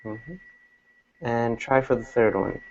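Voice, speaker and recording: A man's voice: medium pitch, steady tone, a little mellow. Patient male English teacher, lo-fi. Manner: patient, explains slowly with repeated examples. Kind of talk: classroom teaching. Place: classroom.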